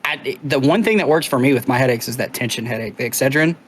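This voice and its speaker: A man co-hosting a podcast, telling a story in casual chat with plenty of swearing and animated asides. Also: mid-range voice, fast, a crowd in the background. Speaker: podcast co-host.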